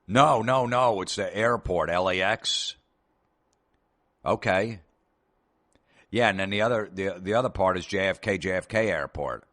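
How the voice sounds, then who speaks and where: A man's voice: low voice, normal speed, long pauses, fairly bright tone. A man voicing a self-important businessman who defensively over-explains himself.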